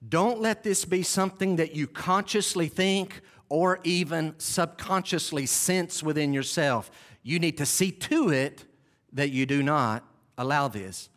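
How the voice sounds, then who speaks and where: A man's voice: on the high side, unhurried, fairly bright tone. Emphatic male pastor preaching. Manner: emphatic, repeats key phrases with rising intensity; conversational asides, self-deprecating. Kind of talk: sermon. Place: church sanctuary.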